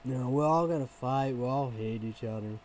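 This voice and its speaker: Rambling man with a dark voice. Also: medium pitch, slight background noise, rough recording. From Illinois, United States. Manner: halting, repetitive, swings into loud excited shouting. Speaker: vlogger. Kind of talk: rambling casual rant.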